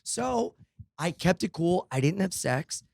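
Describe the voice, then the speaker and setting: A young man with a lively voice that swings high and low, telling a story on a podcast. He talks in close to the mic with a dry sound, and he acts out each person he quotes. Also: a little slow, creaky, no echo. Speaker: podcast host. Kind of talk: casual comedic storytelling.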